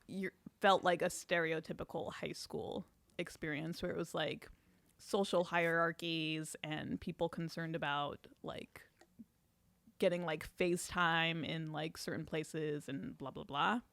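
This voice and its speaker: A woman's voice: low voice, unhurried, gravelly, no echo. A young woman guest on a comedy podcast, telling stories casually and filling with "like.". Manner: animated storyteller, lots of "like".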